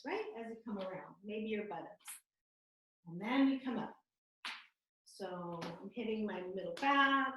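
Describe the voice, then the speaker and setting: Gentle woman leading yoga over a video call. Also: a little high, far from the mic, a little hiss or hum. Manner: gentle, calm, soothing cues. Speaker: yoga instructor. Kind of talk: guided yoga class instruction. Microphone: computer mic on a video call. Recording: echoey video call audio from off-mic.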